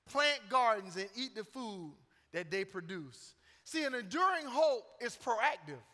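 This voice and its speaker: A man's voice: high-pitched, very animated, a little slow, sharp tone. A middle-aged man preaching a sermon as pastor, joking and conversational between emphatic points. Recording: long church reverb.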